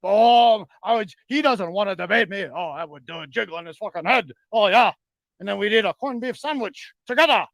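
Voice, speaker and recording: A man's voice: high voice, animated, brisk, creaky, a bit bright, no echo, heavily acted. A man voicing a mocking caricature of a boastful Irish man in a put-on Irish accent, with jeering sing-song delivery.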